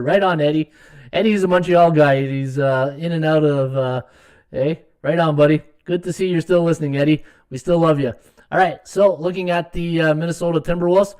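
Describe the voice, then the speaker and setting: A man's voice: on the high side, darkish tone. A man hosting a live sports betting podcast, rambling through stats with many fillers and restarts, sometimes muttering to himself as he checks numbers.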